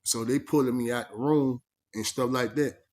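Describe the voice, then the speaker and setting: A man's voice: mid-range voice, fairly even intonation, moderate pace, darkish tone. A man telling a story in casual first person, emphatic and streetwise, often asking "you know what I mean". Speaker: vlogger.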